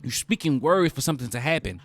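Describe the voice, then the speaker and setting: A man's voice: mid-range voice, sing-song, fast, soft background music. A male host giving advice in a casual, preachy monologue, repeating phrases for emphasis.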